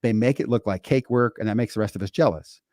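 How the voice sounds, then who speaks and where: A man in his forties with a lowish voice co-hosts a motivational podcast, talking in a casual, emphatic way and often repeating words as he goes. The sound is dry and close, with no room around it. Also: fast talker, darkish tone, no room sound. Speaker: podcast co-host. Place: home studio. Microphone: remote streaming setup.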